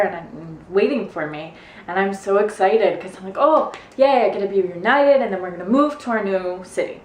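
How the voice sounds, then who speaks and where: A woman's voice: mid-range voice, echoey room, a little hiss or hum. A young woman in her twenties from the United States, casually telling a story in a vlog and acting out what everyone said. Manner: chatty, animated retelling with quoted asides. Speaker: vlogger.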